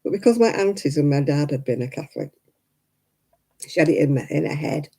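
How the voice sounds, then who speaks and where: Older woman, very mellow dark tone, host telling rambling stories at a craft stream. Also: low-pitched, a little fast, creaky, breathy edge, low-quality recording. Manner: chatty, rambling anecdotes with frequent "you know" asides. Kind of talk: casual storytelling chat.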